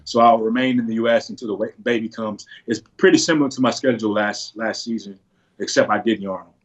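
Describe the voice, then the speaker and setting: Low-voiced man on a lo-fi video call. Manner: relaxed, halting, with many restarts and fillers. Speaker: pro bodybuilder guest on a video call. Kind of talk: casual interview answers.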